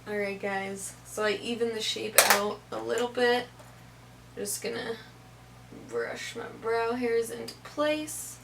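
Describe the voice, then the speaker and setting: Gravelly young woman chatting through makeup. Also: a little high, fairly even intonation, slow, slight background noise. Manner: chatty, step-by-step, fillers like "kinda, like". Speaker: makeup tutorial host. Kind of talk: casual makeup tutorial narration.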